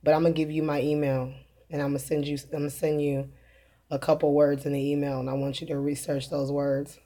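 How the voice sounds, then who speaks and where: A woman's voice: sits low, level tone, a little fast, dark tone. Laughing, rambling woman. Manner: rambling, earnest, laughs often, many fillers. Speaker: religious video host. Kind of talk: casual spoken testimony to camera.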